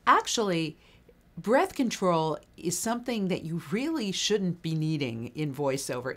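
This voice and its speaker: Low-pitched female coach, brisk and practical, teaching voiceover technique on a video blog.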